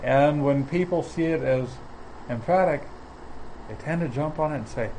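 Guy doing a slow bible teaching, slightly high voice, a little AC hum behind. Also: a little mellow, poor audio. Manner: measured, explanatory, pauses mid-phrase. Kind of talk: sermon.

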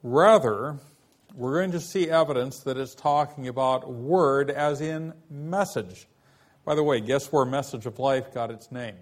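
A man with a mid-range voice teaches a Bible study lesson, working slowly through a passage and posing rhetorical questions along the way.

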